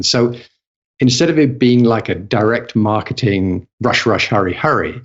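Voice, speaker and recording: A man's voice: on the low side, expressive, normal speed. A man giving an interview as a copywriting guest, chatty and casual, often restarting and repeating words mid-sentence. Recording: slightly dull lo-fi audio.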